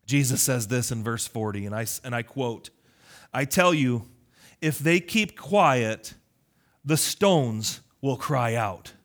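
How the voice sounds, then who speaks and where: High-voiced, playful male pastor preaching. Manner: animated, conversational preaching with playful teasing. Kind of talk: sermon.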